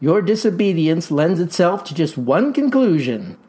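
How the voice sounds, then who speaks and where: A man's voice: very animated, normal speed, mellow. A man doing a pompous stern farm father. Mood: stern lecturing. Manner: stern, pompous, high-flown lecturing.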